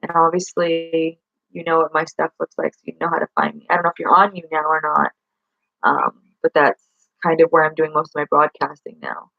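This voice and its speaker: A woman's voice: low-pitched, flat delivery, brisk, gravelly, dry recording, narrow, tinny audio. A woman chatting casually on a livestream, rambling and correcting herself as she greets viewers and asks them questions. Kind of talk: casual live-stream chat. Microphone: laptop or phone mic.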